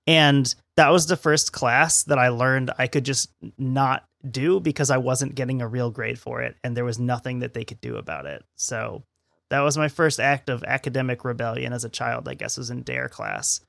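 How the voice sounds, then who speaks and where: A man's voice: medium pitch, moderate pace, gravelly, a bit bright, dry recording, studio quality. A man, a podcast guest, in casual chat, self-deprecating and laughing often.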